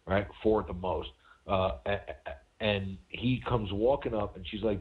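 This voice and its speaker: A man co-hosting a sports podcast, telling stories in casual, animated chat and swearing now and then. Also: fairly low pitch, normal speed. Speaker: podcast co-host. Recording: phone-like narrow sound.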